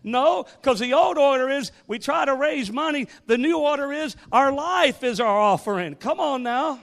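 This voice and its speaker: A man's voice: extremely high pitch, lively intonation, moderate pace, gravelly, fairly bright tone. A man preaching a sermon, moving from joking asides to rising call-and-response exhortation. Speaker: guest preacher.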